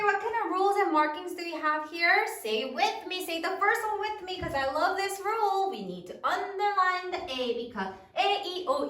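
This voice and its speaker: A woman teacher leading a spelling lesson for children, sounding out letters slowly and clearly in a cheerful way. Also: very high-pitched, fairly bright tone, echoey room, distant mic.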